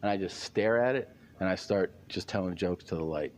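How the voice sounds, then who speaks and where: Low-voiced man rambling through a story. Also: fairly quick, a little hiss or hum. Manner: rambling, filler-heavy, animated retelling. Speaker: comedian. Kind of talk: casual storytelling.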